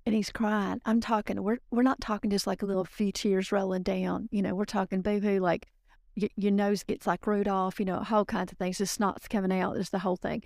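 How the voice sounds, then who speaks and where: Gravelly-voiced woman telling client stories. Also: mid-range voice, a little fast, dry recording, studio quality. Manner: animated storyteller, acts out quoted voices. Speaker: podcast guest, consultant. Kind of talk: casual interview storytelling.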